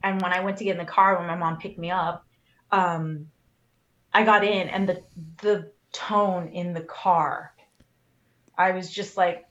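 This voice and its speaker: Co-hosting a podcast, a woman recounts a personal story in relaxed, emotional conversation packed with fillers. Her voice is lowish and fairly bright, with a steady tone, a measured pace and long pauses. The recording sounds roomy, dull and lo-fi.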